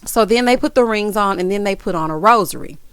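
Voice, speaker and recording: A woman recapping a reality show in casual, sassy commentary, calling viewers honey and child and breaking into loud, high laughs. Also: fast talker, clean tone, no echo. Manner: sassy, animated, side-eye asides.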